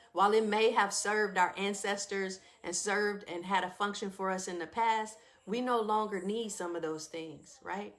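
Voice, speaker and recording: A woman hosts a wellness talk, speaking to her listeners in a familiar, preachy way. She laughs often as she talks. Her voice sits at a middle pitch. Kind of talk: live wellness talk to an audience.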